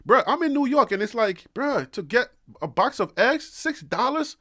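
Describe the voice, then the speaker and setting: A man with a high, bright, ringing voice talks loosely to his live-stream audience. He shifts between earnest encouragement and playful teasing, laughing freely. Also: normal speed. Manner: animated, preachy, laughing, playful Liberian pidgin teasing. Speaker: sports channel host. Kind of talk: casual live-stream chat.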